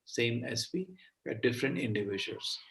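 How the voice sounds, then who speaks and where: Gravelly man teaching a scripture class. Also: mid-range voice, brisk, recorded from a distance, poor audio. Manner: animated, explains with questions to students.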